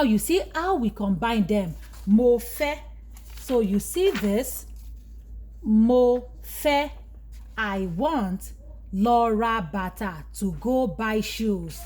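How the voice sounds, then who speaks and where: Yoruba-accented woman teaching vocab, says a word then the english, goes slow. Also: on the high side.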